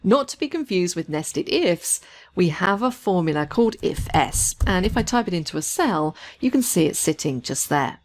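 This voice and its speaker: A woman instructor narrating a screen-recorded software tutorial, explaining each step patiently. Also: fairly low pitch, big pitch swings, moderate pace.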